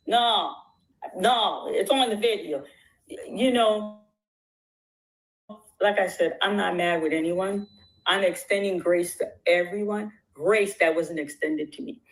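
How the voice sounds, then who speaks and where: A woman's voice: mid-range voice, a little slow, rough recording. A woman talking in an impassioned, casual way, emphatic and rambling, repeating phrases and restarting her sentences. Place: out at dinner with supporters.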